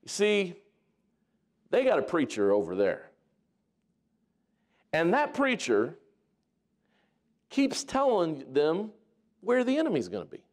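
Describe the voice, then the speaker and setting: Male preacher, higher voice, lively storytelling sermon. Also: slow, pauses often. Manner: animated storytelling, then soft prayer.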